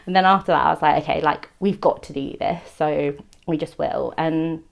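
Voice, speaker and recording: Young woman, gravelly voice, chatty, bit low, laughs a lot. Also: steady tone, normal speed. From England, outside London. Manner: chatty, laughs often, quotes herself. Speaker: interviewee. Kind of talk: casual testimony chat.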